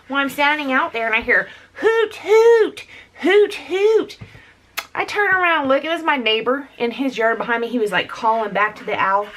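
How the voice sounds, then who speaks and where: A woman with a medium-pitched, slightly bright voice hosts a scrapbooking video from her home craft room, the door left open. She chats casually and rambles while crafting, often calling viewers "dude," with a little hiss or hum in the audio.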